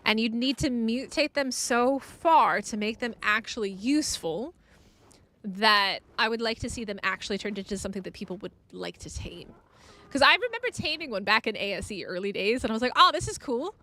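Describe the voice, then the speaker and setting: A woman gaming streamer with a high, bright voice that swings widely in pitch. She talks her way through her gameplay live, excitable and quick to burst into exclamations and laughter. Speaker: game streamer.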